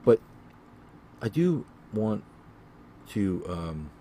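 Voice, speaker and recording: A man's voice: lowish voice, big pitch swings, drawn-out words, dark tone, a little hiss or hum. A man hosting his own podcast, talking alone in a rambling, repetitive way with many fillers. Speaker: podcast host. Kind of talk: solo casual podcast monologue.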